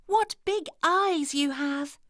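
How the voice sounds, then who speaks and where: Woman voicing Little Red Riding Hood, high and childlike. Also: slow pace, a bit bright, dry recording, clean studio sound. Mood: curious. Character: little girl in a red hood, innocent and curious.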